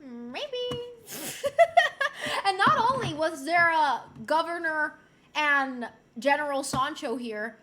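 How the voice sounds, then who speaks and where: A woman from Rico, chatting casually on a live stream. She is excitable and swears freely. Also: sits high, a little slow. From Puerto Rico.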